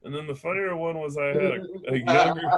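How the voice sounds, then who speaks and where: A man's voice: fairly high pitch, normal speed. Brash, profane male stand-up comic. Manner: brash, profane, laughs at his own jokes. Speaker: stand-up comedian. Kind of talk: stand-up comedy set.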